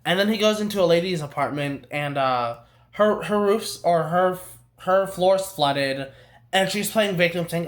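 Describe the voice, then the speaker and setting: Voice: mid-range voice, normal speed. A young adult reviewing a film in a casual rant, swearing a lot, exasperated and rambling with frequent restarts. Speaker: movie reviewer.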